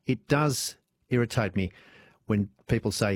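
A man's voice: fairly low pitch, normal speed, darkish tone. Chatty Australian man hosting radio. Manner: chatty, rambling, with many fillers and self-corrections. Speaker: radio host. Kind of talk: live talkback radio chat. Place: radio studio.

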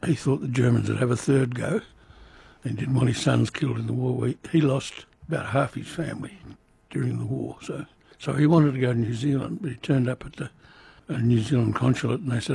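A man's voice: mid-range voice, fairly even intonation, fairly quick, creaky, mellow, slightly rough, no room sound. An older man, recalling his childhood in an oral history interview with dry humour. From Indonesia. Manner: reflective, dry humour, some restarts.

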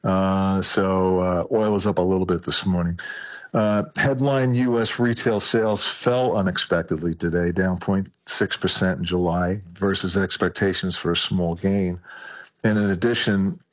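A man's voice: sits low, fairly even intonation, normal speed, no echo. A man, working as a financial advisor, giving a market report over a remote line and using many fillers.

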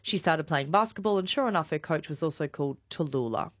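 Female radio co-host, lower register, conversational. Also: animated, fast. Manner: bright, reads listener texts. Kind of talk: radio talk show.

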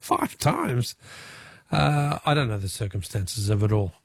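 Jovial Australian radio host, gravelly and dry. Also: male voice, mid-range voice, big pitch swings, no echo. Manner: jovial, chatty, quick laughs. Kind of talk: talkback radio quiz.

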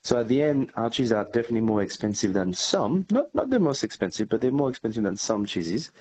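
A man's voice: medium pitch, very animated, quick pace, a little mellow, breathy edge, low-quality recording. A man with a French accent, a cheesemaker answering interview questions earnestly, with small fillers and restarts.

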